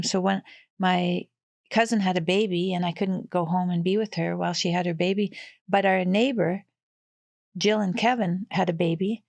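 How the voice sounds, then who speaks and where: A woman in her sixties from western Canada, a podcast guest telling family stories in a lively, animated way. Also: fairly low pitch, moderate pace, no room sound, clean studio sound. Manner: animated, lively storyteller who laughs often. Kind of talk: casual storytelling.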